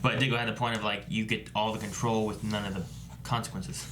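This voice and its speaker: A man's voice: on the low side, little pitch movement, quick pace, a bit bright, a little hiss or hum. Laid-back man musing about a show. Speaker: show co-host. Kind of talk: casual reaction chat.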